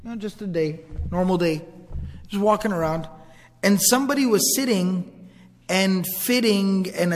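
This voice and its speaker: A male teacher retelling a historical story in a casual, vivid, conversational way, with asides to his listeners. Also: high-pitched. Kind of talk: storytelling lesson. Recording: long hall reverb.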